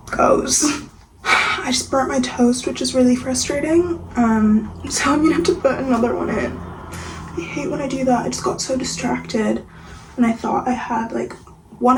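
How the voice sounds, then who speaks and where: Soft-spoken young woman, chatty vlog. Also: fairly high pitch, a little hiss or hum, low-quality recording. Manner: chatty, rambling, full of "like" fillers; soft, sometimes half-whispered. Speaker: vlogger. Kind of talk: casual vlog chat. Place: home, kitchen and getting ready. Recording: audible room ambience behind the voice.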